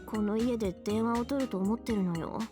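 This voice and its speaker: A proud young heroine in a visual novel, as a woman voices her, now faint and dazed, her words trailing off. Her voice sits fairly high, with clear game music behind it. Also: rapid-fire, natural voice. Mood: weak, dazed. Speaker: game character. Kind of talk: Japanese visual novel voice acting.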